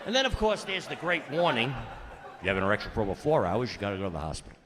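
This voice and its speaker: A man's voice: mid-range voice, very animated, very fast, long reverb tail, crowd noise. A middle-aged man performing a stand-up comedy routine with brash, punchy delivery and mock-exasperated asides.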